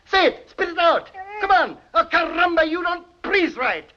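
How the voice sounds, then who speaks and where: An actor playing an excitable elocution professor with a Spanish accent and a husky voice, sputtering and exasperated in 1940s film comedy acting, on a dull old film soundtrack. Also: male voice, very high voice, moderate pace, full character voice. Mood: instructing. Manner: exasperated, sputtering, bursts of laughter. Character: excitable Mexican elocution professor, fussy man. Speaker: elocution teacher.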